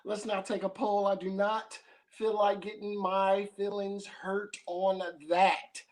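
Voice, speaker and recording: A woman's voice: medium pitch, level tone, takes it slowly, a little mellow. A woman hosting a live open mic night, chatty and playfully teasing the audience.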